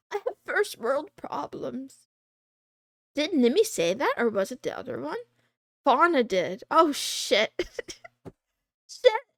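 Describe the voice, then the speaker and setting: A woman streams casually in a high, bright voice that swings widely up and down as she rambles and laughs. She sounds a little hoarse, and the recording is dry and close. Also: no echo. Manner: animated, rambling, laughs often. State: losing her voice. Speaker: VTuber streamer. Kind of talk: casual livestream chat.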